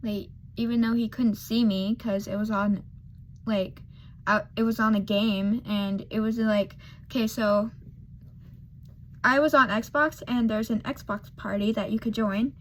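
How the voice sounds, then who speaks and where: A woman's voice: on the high side, fairly even intonation, measured pace, a little hiss or hum. A woman vlogger telling a casual storytime while doing her makeup, rambling and losing her thread with lots of fillers.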